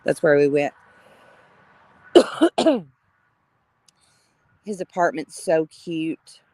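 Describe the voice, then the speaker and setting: A middle-aged woman, chatting casually on a live stream, greeting viewers by name with gushing warmth and frequent laughter. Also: deep voice, drawn-out words, dry recording.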